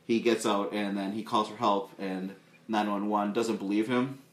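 This man's voice is fairly low and moves at normal speed as he co-hosts a casual podcast about films. He animatedly recounts scenes and performs the dialogue in an echoey room.

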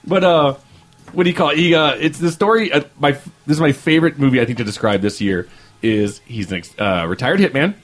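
Husky man rambling about movies. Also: mid-range voice, brisk. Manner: rambling, swearing, laughing storyteller. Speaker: film reviewer host. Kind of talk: casual podcast chat.

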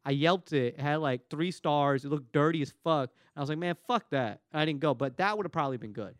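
A male comedian from Los Angeles hosting a casual podcast, animated and profane, acting out quoted people as he talks. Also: on the high side, fairly quick, no echo, clean studio sound.

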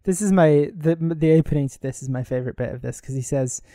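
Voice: mid-range voice, fast, warm tone, dry recording, studio quality. A podcast co-host in casual book-review chat, exasperated and swearing, at times joking in a mock German voice.

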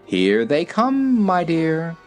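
Reader doing a gracious fairy queen, formal, calm, lively pitch, faint music. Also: takes it slowly.

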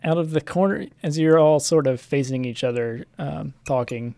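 A game master narrating a tabletop horror game, hesitant with many pauses. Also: medium pitch, dark tone, no room sound.

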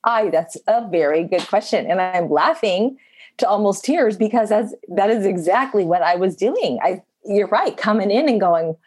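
A woman's voice: medium pitch, animated, normal speed, darkish tone, breathy edge. Woman, mid-range voice, coaching client, candid and reflective. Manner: open, self-reflective, laughs easily. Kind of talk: coaching session.

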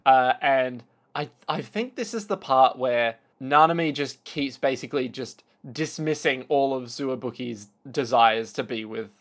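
A young man co-hosting a podcast in casual chat, animated and jokey, going off on tangents and slipping into quick impressions. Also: mid-range voice. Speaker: podcast co-host.

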